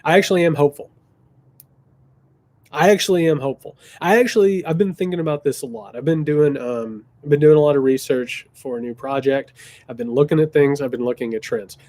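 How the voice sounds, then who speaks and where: A man's voice: medium pitch, fairly quick, warm tone. A man hosting a political Q&A stream, talking bluntly and passionately, swearing and repeating phrases for emphasis. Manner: mocking voices when quoting others. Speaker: political commentator hosting a viewer Q&A. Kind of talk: casual livestream commentary.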